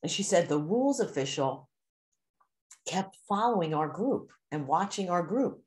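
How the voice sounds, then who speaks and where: A woman mindset coach giving an animated teaching talk to a course group, acting out the inner voices people hear. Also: on the low side, normal speed.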